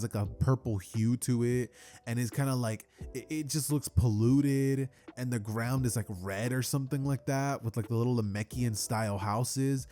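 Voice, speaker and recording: A man's voice: mid-range voice, mellow, natural voice. A man voicing a young alien boy who talks hesitantly and stammers.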